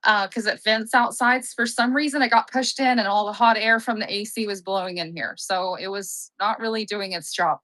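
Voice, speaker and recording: A woman's voice: medium pitch, fairly even intonation, normal speed, hardly any pauses, fairly bright tone, dry recording, rough recording. A young woman hosting a live-selling stream, chatting casually, upbeat and often laughing at herself. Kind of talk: casual live-sale chat.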